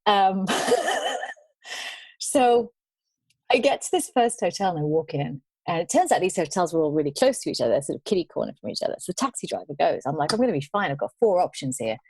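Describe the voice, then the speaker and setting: A woman guest on a podcast, telling travel stories in casual conversation, animated and laughing now and then. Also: on the low side, fairly quick, creaky, husky, dry recording.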